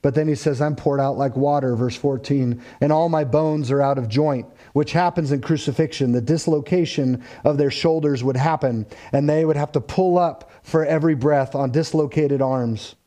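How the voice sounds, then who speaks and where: A man preaching a verse-by-verse sermon, rising in pitch and volume for emphasis and dropping low and quiet for solemn points. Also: normal speed, hardly any pauses. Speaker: pastor. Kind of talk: expository sermon.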